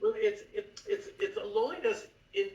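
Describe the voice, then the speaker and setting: A man in a class discussion, halting and searching for his words. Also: very high voice, big pitch swings, darkish tone, far from the mic. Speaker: class participant. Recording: dull, roomy, from off mic.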